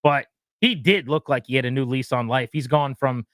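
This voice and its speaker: A man hosting a sports talk radio show, running briskly through team news and notes. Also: mid-range voice, a bit bright, no room sound.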